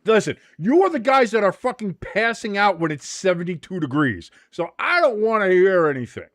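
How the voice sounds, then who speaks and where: An American man hosting a casual watch-along chat, his voice sitting a bit high and swinging widely in pitch as he jokes and swears freely. He switches between explaining the game and ranting in a lively, animated way. The sound is dry and close. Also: moderate pace, dry recording. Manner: profane, joking, animated. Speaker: host.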